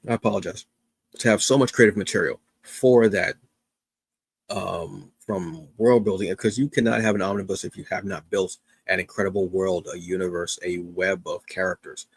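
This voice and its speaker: A man's voice: low-pitched, fairly even intonation, moderate pace, slightly rough, no echo. A tired man hosting a comics review stream, talking casually and enthusiastically with lots of fillers and restarts. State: tired, up since early morning. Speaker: comics review show host. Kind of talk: casual solo livestream talk.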